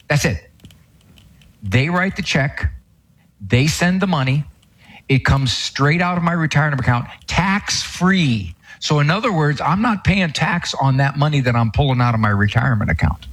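Older man with a husky voice, emphatic. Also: fairly high pitch, expressive, normal speed, a bit bright. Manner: emphatic, folksy, repeats key points. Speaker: radio show guest. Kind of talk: casual radio talk. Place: radio studio.

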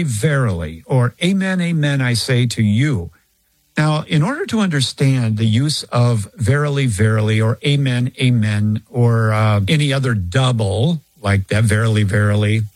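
A man's voice: mid-range voice, dry recording, rough recording. A man, a scripture teacher, answering a Bible question in an explanatory way and acting out short examples.

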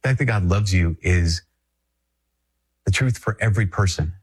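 A Catholic priest from Minnesota giving a conversational, emphatic reflection, repeating phrases and chuckling often. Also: male voice, sits low, normal speed, breathy edge. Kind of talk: spoken reflection to an audience.

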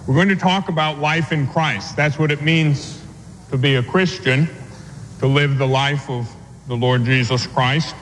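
A man delivers a radio sermon on the catechism, reading scripture in a slow, deliberate way. His voice sits a little high for a man. The room has a long reverb, with a faint hiss behind him. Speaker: priest teaching the catechism.

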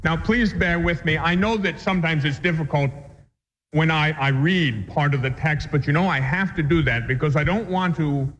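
A man, a priest, teaching a catechism class in an earnest, measured way, with homely examples. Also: fairly high pitch, fairly bright tone. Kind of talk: spoken catechism lesson. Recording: muffled recording with long hall reverb.

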